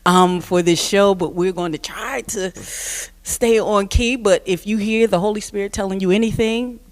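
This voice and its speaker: A woman's voice: medium pitch, fairly even intonation, normal speed. A woman hosting a faith talk show, effusive and upbeat as she welcomes a guest.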